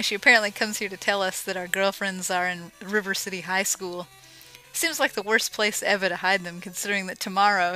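A woman giving casual, joking commentary over a retro game she is playing, with sarcastic asides and excited yelps. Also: medium pitch, poor audio. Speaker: let's play commentator. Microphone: home microphone.

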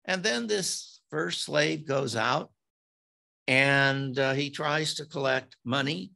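Male pastor, gravelly and bright-toned, unhurried sermon delivery with emphatic rises. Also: medium pitch. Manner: slow, deliberate preaching with emphatic rises.

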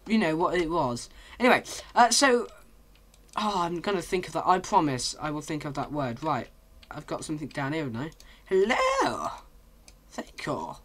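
A British man commentating his own video game play, rambling and hesitant, breaking into excited yelps. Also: on the high side. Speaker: gaming channel host.

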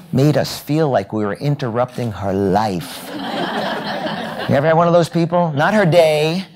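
A man giving a storytelling keynote talk at a hotel event, acting out the lines of each person in his anecdotes. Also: mid-range voice. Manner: animated, acts out dialogue in anecdotes. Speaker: keynote speaker.

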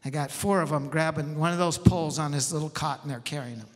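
A man preaching a storytelling sermon in a folksy, animated way, laughing often. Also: a little high, fast, faint music behind. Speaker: pastor. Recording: echoey church hall.

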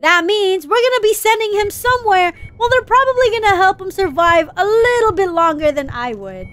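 A woman's voice: extremely high pitch, expressive, normal speed, fairly bright tone, soft background music. A young woman giving frantic, exclaiming gameplay commentary, panicking and giggling as she plays. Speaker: let's play gamer.

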